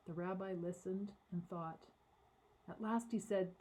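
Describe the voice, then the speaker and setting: Woman telling a children's story, mellow. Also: lowish voice, unhurried, breathy edge, rough recording. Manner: animated, dramatic narration with voices for characters. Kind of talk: expressive read-aloud storytelling.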